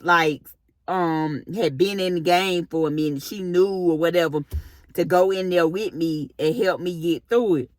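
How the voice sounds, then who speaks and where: Brief: expressive female storyteller, lowish voice, slow delivery, dry close sound. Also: no room sound. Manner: animated, expressive storyteller with casual slang. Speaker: vlogger. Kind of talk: storytime monologue.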